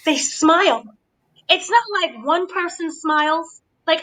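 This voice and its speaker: Bright, high-voiced woman gossiping animatedly. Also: measured pace, low-quality recording. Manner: acts out quotes with gasps and dramatic voices; playful, gossipy storytelling. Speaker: entertainment editor recapping wrestling. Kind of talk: animated recap chat.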